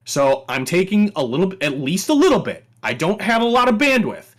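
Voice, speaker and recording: A man talk-show host with a slightly high, very lively voice, moving between chatty asides and firm orders. He sets limits like a moderator. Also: fairly quick.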